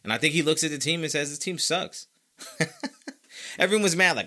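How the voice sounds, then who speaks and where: Emphatic man with a bright, forceful voice. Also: a little high, moderate pace. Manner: emphatic, animated and opinionated, with frequent repetition. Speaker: podcast host. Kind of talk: casual sports opinion monologue.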